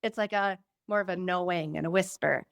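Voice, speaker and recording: A woman guest on a podcast who explains a personality system in a talkative, lively way and acts out quoted reactions. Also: lowish voice, brisk, creaky, no echo, studio quality. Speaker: Human Design guide.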